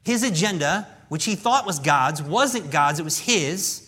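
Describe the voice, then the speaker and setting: A male pastor preaching a sermon in an animated way, acting out dialogue from scripture. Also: on the high side, unhurried, husky.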